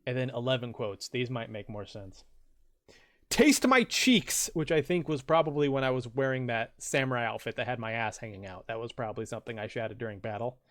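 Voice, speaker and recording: A man streaming a game and reading out viewer quotes in casual, rambling chat, jumping into loud, high voices when he quotes someone. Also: fast, hardly any pauses.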